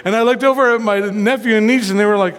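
Male pastor, slightly high voice, animated storyteller, big church reverb. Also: fast talker. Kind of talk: sermon with personal stories.

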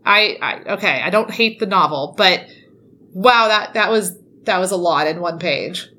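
Bright animated woman podcaster. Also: fairly low pitch, normal speed. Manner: animated, swears, acts out quoted reactions. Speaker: podcast co-host. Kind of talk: casual book-club podcast chat.

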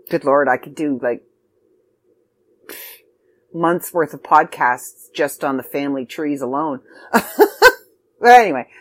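A woman's voice: low-pitched, dry recording. A woman hosting a podcast about her magazine, chatty and a bit scattered, with frequent ums and asides. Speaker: podcast host and magazine contributor. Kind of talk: casual podcast chat.

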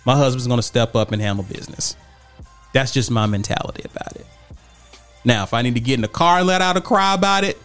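A man co-hosting a casual podcast, arguing his view firmly and acting out quoted conversations. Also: a little high. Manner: assertive, animated, acts out quoted dialogue. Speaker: podcast co-host. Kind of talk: casual debate chat.

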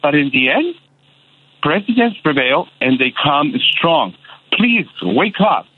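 A man's voice: fairly high pitch, sing-song, husky, dry recording. Impassioned male caller on a tinny phone line. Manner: passionate, halting, many repeated fillers. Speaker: radio caller. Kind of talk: impassioned call-in.

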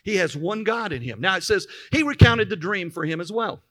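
High bright-voiced male preacher. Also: expressive. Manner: reads scripture then pauses to explain with emphatic asides. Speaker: pastor. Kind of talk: sermon.

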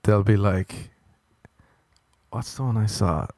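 A man's voice: fairly low pitch, slow, a little mellow, no room sound, clean studio sound. A man with an Irish accent delivering a sardonic, profane comic rant, mocking himself as he goes.

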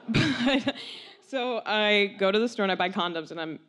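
Laughing, animated young woman telling a story. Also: mid-range voice, measured pace. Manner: animated, laughing often, heavy use of "like". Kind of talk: storytelling with quoted voices.

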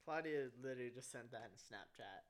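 A young man co-hosting a podcast, animated and joking, swearing freely in casual chat. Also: medium pitch, a little fast. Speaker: podcast co-host.

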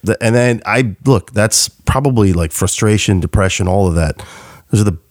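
A man's voice: on the low side, moderate pace, no room sound. A man guesting as a cinematographer on a podcast in a studio, talking in an earnest, agreeable way and laughing often. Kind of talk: casual podcast conversation.

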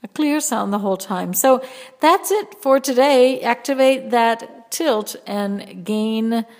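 Woman, vocal coach, gentle unhurried teaching, long echoing reverb. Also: on the high side, lively intonation. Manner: slow, gentle teaching with vocal sound demonstrations. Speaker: vocal coach and podcast host. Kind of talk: voice lesson with sung demonstrations.

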